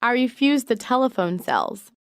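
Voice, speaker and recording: A woman with a fairly high voice reads English practice sentences one after another, measured and evenly paced. The sound is close and dry, with no room around it. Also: wildly swooping pitch, no room sound. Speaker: English lesson reader. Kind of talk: reading practice sentences aloud.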